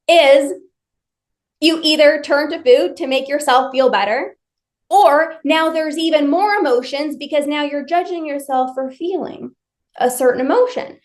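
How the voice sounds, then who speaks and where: High-voiced woman coaching a live audience. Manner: emphatic, repetitive, addresses the viewers directly. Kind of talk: live online workshop talk.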